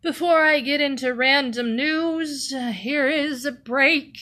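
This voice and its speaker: A woman's voice: high-pitched, slow pace, hardly any pauses, sharp tone. A woman hosting a news commentary podcast, reading stories and breaking into heated, profane rants. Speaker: podcast host.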